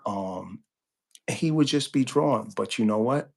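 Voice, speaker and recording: A man's voice: on the low side, expressive, moderate pace, gravelly, a little mellow. A man in his forties from New Jersey with a New York accent, a guest musician telling stories in laid-back interview chat.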